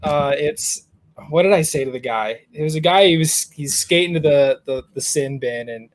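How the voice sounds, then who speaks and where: A man's voice: a little high, moderate pace. A man co-hosting a podcast, chatting casually in a hesitant, self-deprecating way and laughing as he talks. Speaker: podcast co-host. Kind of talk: casual chat.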